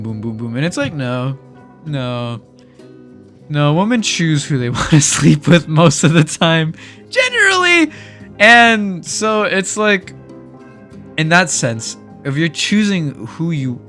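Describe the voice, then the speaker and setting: Young man, soft-spoken, rambling gameplay chat, frequent laughs, desk mic, faint guitar behind. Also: on the high side. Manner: rambling, candid, laughs often; speaks softly while recording. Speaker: gaming video creator. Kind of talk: casual gameplay commentary. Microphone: desk microphone.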